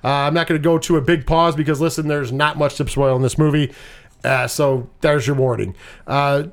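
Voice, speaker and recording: A man's voice: fairly high pitch, fairly even intonation, moderate pace. A man hosting a casual movie review podcast, chatting loosely, swearing often and laughing along with his co-hosts. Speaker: podcast host.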